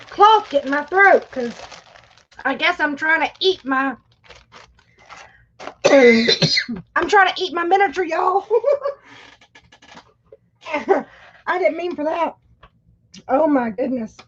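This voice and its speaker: A woman's voice: sits high, animated, slow pace, long pauses, fairly bright tone, muffled recording. A woman chatting casually to viewers on a live stream, her throat irritated and coughing. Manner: chatty, talks straight to viewers. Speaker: livestream host; schoolteacher.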